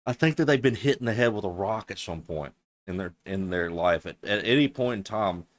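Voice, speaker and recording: A man streaming, reacting to a clip with sarcastic, profane, flatly delivered commentary. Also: lowish voice, brisk, no room sound. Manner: flat deadpan delivery.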